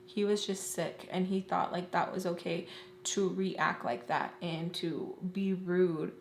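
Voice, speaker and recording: A woman's voice: on the low side, fairly even intonation, creaky, slight background noise. A woman vlogger telling a personal story in a casual, emotional way, with many fillers. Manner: emotional, rapid retelling full of "like". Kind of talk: casual storytime while doing makeup. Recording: roomy echo.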